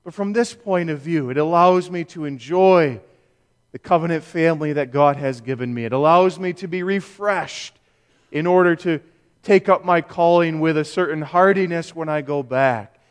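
A male pastor preaching a sermon, measured and emphatic, with rhetorical questions. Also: fairly high pitch, smooth. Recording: long reverb of a church hall.

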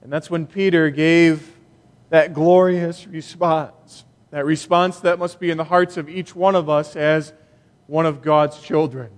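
Guy preaching a sermon, slow and emphatic, kinda high voice, long echo of a church hall. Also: fairly even intonation. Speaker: pastor.

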